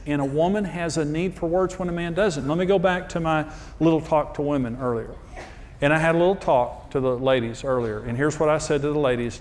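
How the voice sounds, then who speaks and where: A man folksy preacher, higher voice. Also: darkish tone, a little hiss or hum. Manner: folksy storytelling, acts out quoted voices. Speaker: marriage teacher and pastor. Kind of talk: humorous sermon to a live audience.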